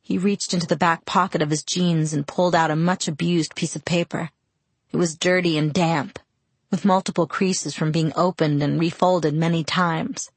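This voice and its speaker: A woman narrating a first-person novel as an audiobook, in a quiet, measured, somber manner. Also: deep voice, steady tone, husky, no room sound.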